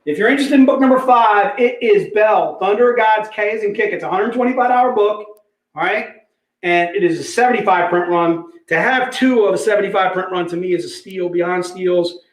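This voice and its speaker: Chatty high-voiced man in an echoey room. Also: a little fast. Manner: chatty, repeats prices and book numbers, says "bad boy" and "dude". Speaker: livestream sales host. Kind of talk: casual livestream sales pitch.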